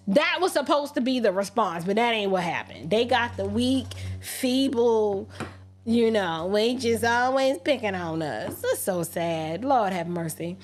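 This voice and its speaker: A woman hosting a casual livestream, reading viewer messages aloud and answering them with lively, sassy asides. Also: mid-range voice, measured pace. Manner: animated, talks back to viewers, slips into sassy mock voices. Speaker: livestream host. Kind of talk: casual livestream chat reading super chats.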